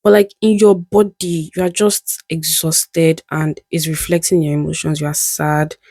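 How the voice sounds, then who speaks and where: A woman's voice: low voice, flat delivery, moderate pace, dark tone, no echo. A young woman vlogging in a candid, musing way, often laughing at herself as she reflects. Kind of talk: reflective casual monologue.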